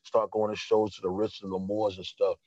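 A man's voice: on the low side, level tone, a little fast, dark tone, no echo. A middle-aged man, a guest telling long, rambling stories in casual chat with many fillers. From New York. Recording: dull muffled sound.

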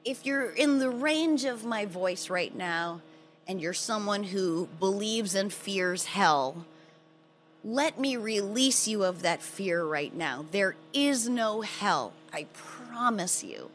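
A woman's voice: medium pitch, animated, slow pace, faint music behind. A woman in a clip speaking directly to the viewer, emphatic and insistent. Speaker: comedian in a clip. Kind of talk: earnest direct address.

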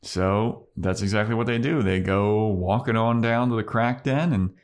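A man with a lowish voice chatting as a podcast co-host. He retells the plot in a loose, rambling way, peppered with swearing and "like". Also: moderate pace. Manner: loose storytelling with frequent swearing and "like". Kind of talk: casual episode recap chat.

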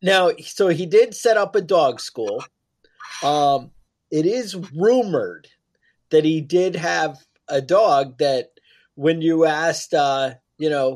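A man's voice: fairly high pitch, animated, takes it slowly. A man co-hosting a podcast, talking casually in rambling, joking asides. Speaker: podcast co-host.

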